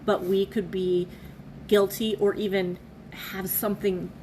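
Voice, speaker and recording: A woman reflects on a devotional reading in a candid, heartfelt way. Her speech is halting and earnest, and her voice sits at a middling pitch. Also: level tone, mellow, slight background noise, poor audio. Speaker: devotional vlogger.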